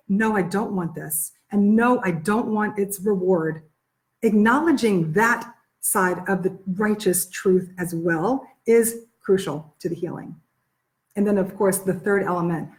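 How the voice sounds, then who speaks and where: A woman teaching Talmud stories in an everyday conversational voice, neither high nor low. She brings the old tales to life by quoting their dialogue, and she often restarts her sentences as she thinks aloud. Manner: retells stories with lively quoted dialogue. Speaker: therapist and Torah teacher.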